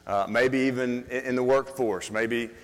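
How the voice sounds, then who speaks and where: Preacher in a reverberant hall. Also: male voice, mid-range voice, fairly even intonation, normal speed. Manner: builds from quiet reflection to emphatic, rising delivery with many restarts; asks the congregation questions. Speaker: pastor. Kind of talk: sermon. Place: church hall. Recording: long reverb of a church hall.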